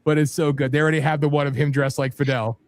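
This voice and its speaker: A man's voice: fairly high pitch, level tone, fast talker, no echo. A man from New Jersey co-hosting a talk radio show, joking bluntly and laughing often. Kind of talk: casual political talk radio banter.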